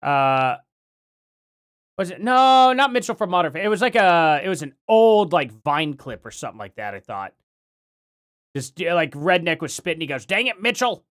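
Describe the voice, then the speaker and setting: A man's voice: on the high side, big pitch swings, moderate pace, fairly bright tone. A man live streaming casual commentary, rambling with lots of fillers and chuckles.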